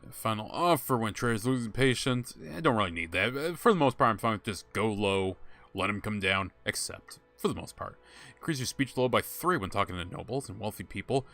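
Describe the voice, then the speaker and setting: Chatty man streaming a game, bright voice. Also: lowish voice, animated, fairly quick, faint music behind. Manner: chatty, thinks aloud, laughs at himself. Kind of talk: casual gameplay commentary.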